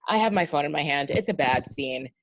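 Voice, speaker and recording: A woman's voice: low voice, a little fast, a little hiss or hum. Exasperated woman telling a story. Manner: animated storytelling, acting out emails with exasperation. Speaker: podcast co-host. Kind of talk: casual podcast chat.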